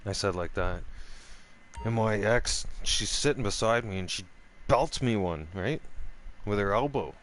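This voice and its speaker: A man's voice: measured pace, fairly bright tone, a little hiss or hum. A middle-aged man telling a rambling, profane story in a casual vlog rant, restarting his sentences often. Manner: voice jumps up high when quoting himself. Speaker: gaming vlogger.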